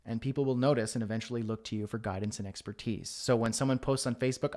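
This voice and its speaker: A man's voice: medium pitch, steady tone, fast talker, few pauses, a little mellow. A man hosting a live-streamed business workshop, coaching emphatically with many rhetorical questions. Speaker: host.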